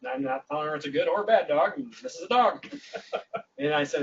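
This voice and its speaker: Animated man telling a story, distant mic. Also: a little high, fairly quick. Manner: animated, laughs through his story, acts out quoted voices. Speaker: guest. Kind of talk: casual storytelling on a livestream. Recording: distant, dull livestream audio.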